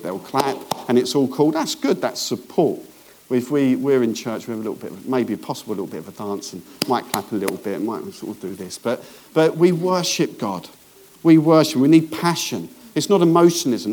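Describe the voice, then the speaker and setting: A man with a medium-pitched voice preaches a sermon as a pastor. He swings between hushed asides and rising emphasis, tossing jokey remarks to the congregation.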